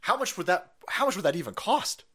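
A man's voice: high voice, big pitch swings, brisk, sharp tone, breathy edge. A man hosting a live stream, ranting heatedly and mockingly with lots of swearing. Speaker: stream host. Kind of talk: profane ranting commentary.

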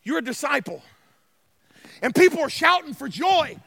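A male pastor in full sermon mode, with a strikingly high, piercing voice. He swings between loud shouted proclamations and quiet, hushed passages, and he keeps calling out to the room with a "y'all". The sound is close and dry. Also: big pitch swings, normal speed, creaky, long pauses, dry recording. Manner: calls to the congregation, y'all. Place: church sanctuary.

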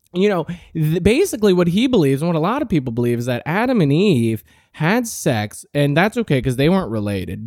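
A man's voice: fairly high pitch, darkish tone, no room sound, studio quality. A man in his late teens hosting a podcast, delivering a brash, profane, mock-arrogant comic rant. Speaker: podcast host. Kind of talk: comic ranting monologue.

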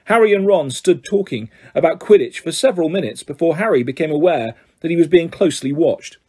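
Male audiobook reader; steady narration with slips; husky, mellow tone. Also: on the high side, fairly quick. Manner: steady reading with small slips and restarts. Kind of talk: storybook narration.

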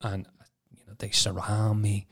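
A man from Birkenhead, telling his testimony on a podcast in a casual, animated way with stammering repeats. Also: fairly low pitch, unhurried, breathy edge. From Birkenhead, England. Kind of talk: casual storytelling.

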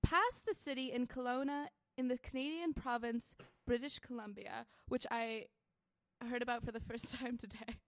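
A young woman co-hosting a podcast, chatting casually in an animated, joking way. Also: fairly high pitch, normal speed, no room sound. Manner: animated, joking, breaks into mock voices. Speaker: podcast co-host. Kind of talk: casual chat.

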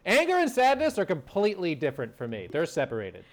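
A man in casual chat as a podcast guest, animated and quick to get riled up. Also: on the high side.

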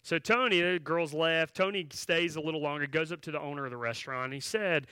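Bright, forceful male pastor. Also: a little high, fairly quick, clean tone, no echo. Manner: conversational, with filler words and restarts while telling a story; emphatic, direct appeals to the congregation. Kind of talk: sermon storytelling.

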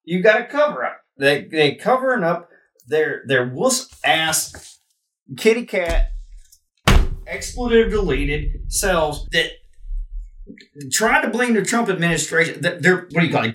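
A man's voice: a little high, expressive, measured pace, fairly bright tone, distant mic, slight background noise. A man ranting in a political commentary monologue, indignant and profane, hammering his points emphatically. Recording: echoey room, away from mic.

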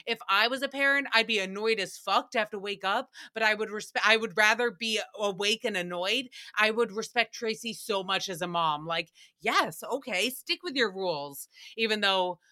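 A woman's voice: medium pitch, moderate pace, hardly any pauses, pushed and bright. A young adult woman hosting a podcast, rambling through a casual recap with swearing and frequent laughs. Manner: rambling, profane, laughing often. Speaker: podcast host.

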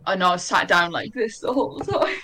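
A young woman co-hosting a casual podcast chat, animated and expressive. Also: mid-range voice, fairly quick, a little hiss or hum. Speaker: podcast co-host.

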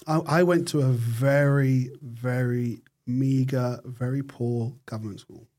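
A middle-aged man speaks as an interview guest, his voice warm and mellow at a middle pitch. He tells his story thoughtfully, often pausing and correcting himself mid-sentence as he searches for the right words. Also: steady tone. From United Kingdom. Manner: thoughtful, with frequent restarts and self-corrections. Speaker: guest, neurosurgeon.

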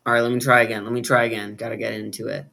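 A man's voice: medium pitch, level tone, racing, creaky, bright, forceful tone. A man co-hosting a film podcast in casual chat, playful and joking with frequent laughter. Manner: playful, jokey, laughs often. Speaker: podcast co-host.

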